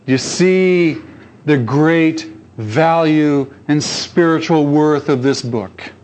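Taking it slowly in a voice on the high side, a pastor preaches through animated stories. He performs the different voices and asks rhetorical questions. The recording has a dull, lo-fi quality.

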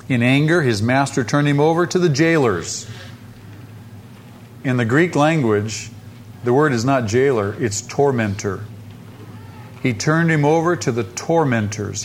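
Man preaching, slightly high voice, asks the listeners questions, loud then soft, faint background noise. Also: expressive, moderate pace. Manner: questions the listeners, swings between loud emphasis and soft drops. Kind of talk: sermon.

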